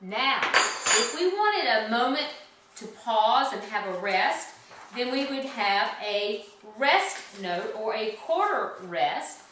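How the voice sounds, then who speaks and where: Slow, cheerful woman teaching music. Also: on the high side, very animated. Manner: cheerful and slow, chants rhythm syllables. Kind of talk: children's music lesson. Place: indoor room at home. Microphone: camera some distance away. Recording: very echoey room, mic far off, noisy.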